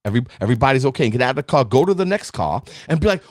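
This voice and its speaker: A man's voice: mid-range voice, sing-song, very fast, hardly any pauses, dry recording, clean studio sound. A man giving a live-streamed motivational talk, emphatic and preachy, often asking "right?" and greeting viewers by name. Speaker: motivational speaker.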